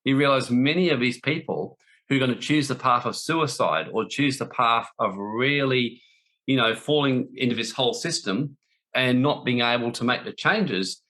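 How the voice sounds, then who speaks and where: Bright-voiced blunt male spiritual teacher. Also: mid-range voice, moderate pace. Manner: blunt, emphatic, repeats for stress. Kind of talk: spiritual talk.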